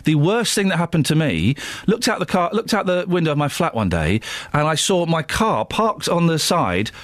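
A man's voice: on the high side, normal speed, dry recording. A man hosting a radio show, chatting casually and telling stories with exclamations. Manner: animated storyteller, exclamations.

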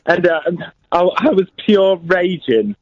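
A man's voice: high-pitched, animated, slow, no room sound. A male caller on a radio phone-in who argues about football in a put-on camp manner, calling the host honey. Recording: dull phone line.

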